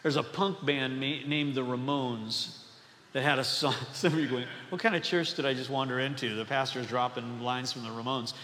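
A man's voice: medium pitch, fairly even intonation, normal speed, pushed and bright, in a large hall. A man from North Dakota preaching a sermon to his congregation in a casual, conversational way, with joking asides. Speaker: pastor. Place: church sanctuary.

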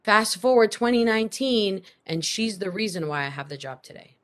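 A woman guest on a podcast, telling a personal story in an animated, emphatic way. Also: mid-range voice, normal speed. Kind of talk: casual storytelling interview.

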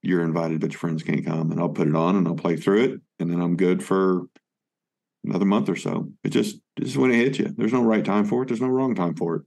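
Man, podcast co-host, very low voice, gravelly, laid-back, swears. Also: fairly quick, a little mellow. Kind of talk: casual chat about music.

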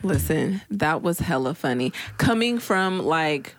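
Low-voiced woman podcast co-host. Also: lively intonation, unhurried, no echo. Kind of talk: casual chat.

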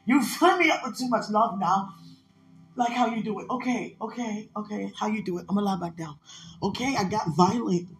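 A person praying aloud in ecstatic prayer, emotional and laughing, swinging from loud cries to hushed whispers. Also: medium pitch, brisk. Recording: roomy echo with soft music.

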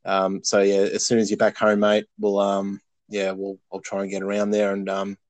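Halting man on a remote call. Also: lowish voice, monotone, a little mellow, dry recording. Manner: halting, many ums and restarts. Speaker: podcast guest. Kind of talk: casual chat and joke telling.

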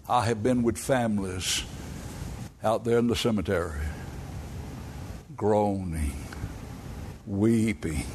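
An older man, a pastor, preaching a sermon with folksy storytelling and sudden high emphatic peaks. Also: darkish tone, a little hiss or hum.

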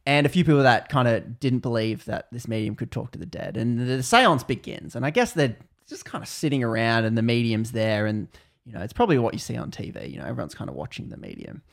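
A man recounts a spooky tale in a loose, chatty way, often backtracking and restarting his sentences. His voice sits at an ordinary middle pitch. He keeps things light, breaking off into laughter at his own asides. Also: big pitch swings, quick pace, gravelly. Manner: rambling, self-correcting, laughs at own jokes. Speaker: podcast storyteller. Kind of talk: casual storytelling chat.

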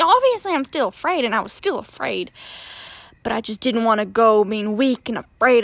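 Dramatic, high-voiced woman telling a story. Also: no echo. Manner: dramatic, repeats phrases for effect. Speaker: guest. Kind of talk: casual storytelling.

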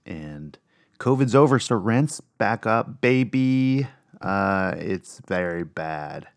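A man's voice: lowish voice, animated, slow pace, clear, resonant tone, dry recording. A man hosting a casual monologue podcast, rambling and swearing with lots of ums and uhs. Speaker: podcast host.

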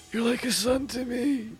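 A man's voice: very high-pitched, voice pushed up. A man voicing a frail, needy old male chain-smoker on oxygen, who gasps between words. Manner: gasping between words, pleading.

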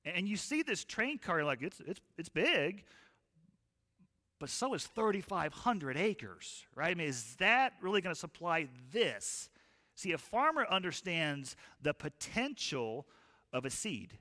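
A man preaching a sermon as a pastor, telling stories in an animated, folksy way. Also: high voice, a little slow, big-room sound.

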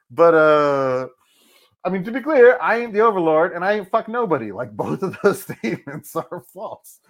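A man speaking candidly and profanely as an interview guest, animated and open. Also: on the high side, moderate pace. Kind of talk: casual interview talk.

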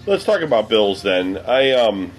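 A man on a podcast rambling through a story with halting starts and amused laughter. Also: on the low side, sing-song, faint music behind. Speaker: podcast regular. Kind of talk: casual storytelling chat.

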